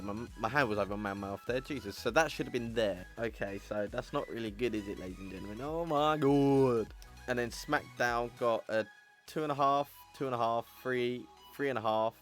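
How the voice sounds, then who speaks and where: A chatty man talks viewers through a game's results, putting on an accent for fun and reacting loudly when results surprise him. His pitch sits mid-range for a man, and faint music plays underneath. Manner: chatty, addresses viewers as ladies and gentlemen, exclaims at results. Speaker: gaming channel host. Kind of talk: casual gameplay commentary.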